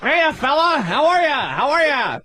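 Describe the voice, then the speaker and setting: A man voicing a goofy, overly friendly man with a high, sing-song greeting voice. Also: big pitch swings, normal speed, sharp tone, a little hiss or hum, heavily acted. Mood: chipper.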